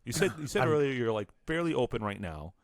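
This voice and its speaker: A man's voice: medium pitch, big pitch swings, quick pace, dry recording. A man co-hosting a comedy podcast, ranting in casual chat and swearing often. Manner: profane, ranting. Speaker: podcast co-host.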